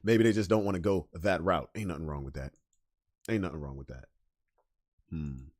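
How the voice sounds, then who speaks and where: A man hosting a casual solo podcast and reacting to memes. He talks bluntly and profanely, swinging between loud emphasis and low asides. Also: moderate pace, dry recording, studio quality. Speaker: podcast host.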